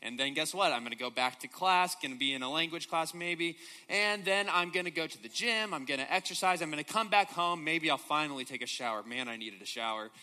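A man's voice: fairly high pitch, brisk, pushed and bright. A young man preaching a sermon, telling a story and asking the crowd rhetorical questions.

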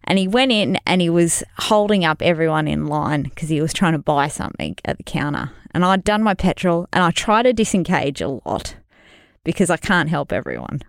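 A woman co-hosting a podcast, telling an animated, self-deprecating story and laughing often. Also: deep voice, normal speed, vocal fry, no room sound, clean studio sound. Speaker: podcast co-host. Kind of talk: casual storytelling chat.

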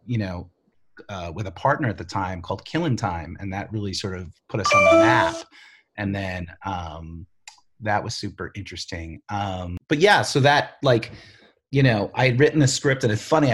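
Husky-voiced middle-aged man telling stories. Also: on the low side, a bit bright. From the Bronx, New York. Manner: loose, rambling, full of "you know" and "like". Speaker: screenwriter guest. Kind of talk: casual interview storytelling.

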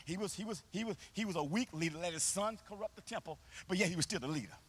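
A man pastor preaching a sermon live in a church, with a call-and-response, sing-song delivery that swells into shouts, and folksy, colloquial phrasing. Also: high voice, quick pace, slightly rough. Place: church sanctuary, live service.

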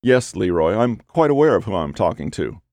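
A composed older engineer speaks flatly and conversationally, as a male narrator plays him, never rattled. The voice sits low and unhurried. The recording is dry and close. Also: no room sound. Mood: calm. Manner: flat, conversational, unruffled.

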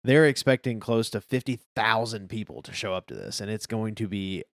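Male podcast co-host, lowish voice, easygoing and agreeable, dry close sound. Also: normal speed, no room sound. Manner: easygoing, agreeable, trailing off at sentence ends. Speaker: podcast co-host discussing a manga. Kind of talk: casual chat.

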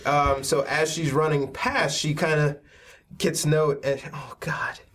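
A man's voice: a little high, a little slow, a little hiss or hum. Man narrating as game master. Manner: relaxed, rambling narration with fillers.

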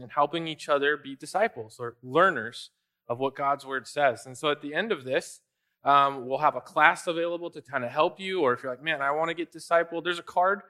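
Bright-voiced conversational male pastor. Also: a little high. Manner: conversational, with filler and restarts. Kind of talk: sermon. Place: church sanctuary.

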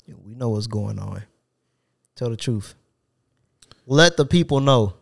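A man's voice: medium pitch, expressive, measured pace, vocal fry. A man co-hosting a podcast, casually chatting and ribbing his co-host with playful jabs. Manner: teasing banter, playful jabs. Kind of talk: casual chat.

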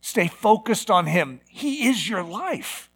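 Middle-aged guy preaching, high gravelly voice, swoops all over, acts out bits loud. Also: slow pace. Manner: animated, acts out voices with sudden loud outbursts. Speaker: pastor. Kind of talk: sermon.

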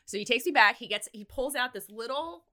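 A bright, clear-toned young woman telling a story on a casual podcast. She rambles and leans on "like," swears freely, and acts out the people she describes with lively, shifting energy. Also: on the high side, a little fast. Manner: chatty, animated, heavy on "like" and swearing. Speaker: podcast co-host. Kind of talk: casual chat, retelling a story.

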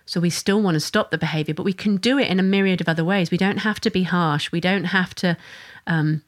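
A woman's voice: on the low side, a little fast. A mother and parenting educator giving an earnest, flowing solo talk, often restarting her sentences. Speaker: mother of a young son.

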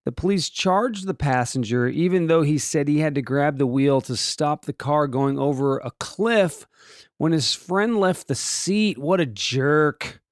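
A man's voice: a little high, measured pace, no room sound, studio quality. A man hosting a show, reading offbeat news stories in a comedic way and breaking off for joking asides and rhetorical questions. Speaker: host.

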